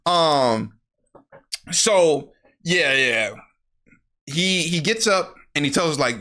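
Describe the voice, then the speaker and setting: Bright-voiced man rambling through a recap. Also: a little high, expressive, takes it slowly, pauses often. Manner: rambling, profane, self-correcting. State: tired after work. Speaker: vlogger recapping a movie. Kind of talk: casual storytelling recap.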